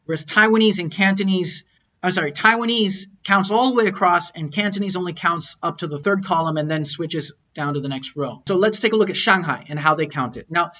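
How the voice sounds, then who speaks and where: A man's voice: high-pitched, fairly quick, sharp tone. Man lecturing on tones, lo-fi sound. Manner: patient, explanatory, sounds out tones as examples. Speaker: language teacher. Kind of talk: online lecture over slides. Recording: dull lo-fi audio.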